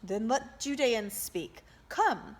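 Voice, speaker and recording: A woman's voice: a little high, animated, slow. A woman doing a kind, authoritative governor. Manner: kind and encouraging.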